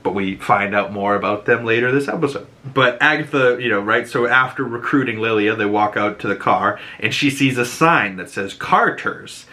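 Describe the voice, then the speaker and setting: A young man with a Boston accent casually recapping a TV episode, animated and laughing often, acting out quotes in higher voices. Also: moderate pace, few pauses. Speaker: show reviewer.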